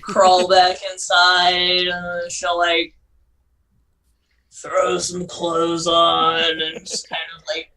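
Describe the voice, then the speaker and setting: A player describing their character's actions in a tabletop game, in a halting way with many fillers. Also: mid-range voice, monotone, sharp tone, far from the mic, slight background noise, rough recording.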